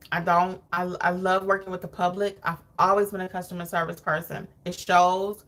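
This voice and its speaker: A woman hosting a live stream, reading viewer comments aloud and coaching notaries in an animated, preachy way with frequent laughs. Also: medium pitch. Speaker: host of a notary training channel.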